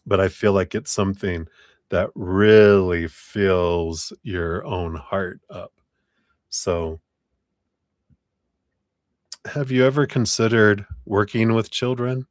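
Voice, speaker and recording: A man's voice: fairly low pitch, takes it slowly, long pauses, no echo, clean studio sound. A man giving a live-stream tarot reading in a chatty, laughing, rambling way. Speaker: tarot reader. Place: home room with air conditioner.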